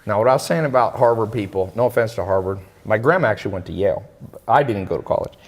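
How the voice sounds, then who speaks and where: A man hosting a casual talk, telling a story in an animated way and acting out the voices of the people in it. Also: on the low side, fast talker, big-room sound. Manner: animated, acts out quoted voices. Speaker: podcast host.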